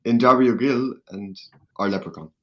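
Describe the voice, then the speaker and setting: A man from Ireland, a podcast guest in casual chat, talking in a measured, hesitant way. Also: medium pitch, muffled recording.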